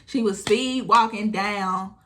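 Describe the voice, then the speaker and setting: Young woman, 20s, casual storytime vlogger, animated and blunt. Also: medium pitch, takes it slowly. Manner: animated retelling, acting out quotes, frequent swearing.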